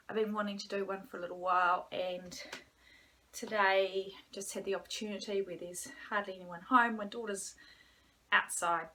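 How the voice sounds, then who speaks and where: A woman in her forties with a New Zealand accent, hosting a casual solo podcast from home, rambling along with many ums and now and then dropping to a hushed near-whisper. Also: medium pitch, a little hiss or hum. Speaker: podcast host.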